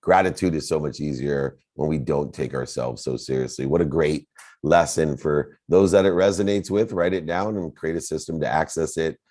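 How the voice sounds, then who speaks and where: A man with an extremely deep, mellow voice hosts a motivational talk over a remote call. He sounds encouraging and reflective as he sums up a lesson. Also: moderate pace. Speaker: host.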